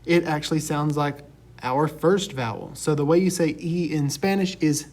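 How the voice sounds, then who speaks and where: A young man teaching a recorded class lecture, saying each word slowly and clearly for students to repeat. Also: a little high, fairly even intonation, darkish tone. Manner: slow, deliberate, drills words for repetition.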